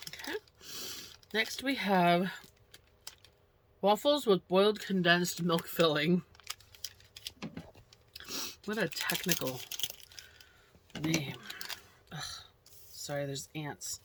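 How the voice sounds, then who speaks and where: A woman in a relaxed snack taste-test vlog, chatting unhurriedly and murmuring between bites. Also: deep voice, a little slow, pauses often, noisy background. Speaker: snack review vlogger.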